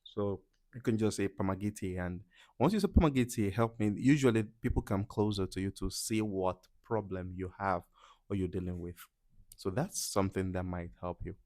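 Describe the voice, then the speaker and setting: A young man from Nigeria, casually teaching travel phrases to camera in an animated, playful way with loud acted-out reactions. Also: deep voice, normal speed, dry recording, clean studio sound. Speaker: language teacher.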